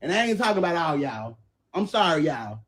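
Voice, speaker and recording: A high-pitched man rants heatedly on his livestream. He curses at commenters, shouts at times, and keeps breaking off to apologize. He talks straight into his phone or webcam mic from home. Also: sing-song, brisk. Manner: profane, confrontational, repeatedly apologizing.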